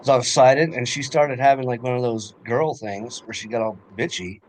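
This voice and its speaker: A man's voice: mid-range voice, a little fast, very noisy. A young man rambling through a personal story in a casual chat, with lots of fillers and swearing. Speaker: podcast co-host.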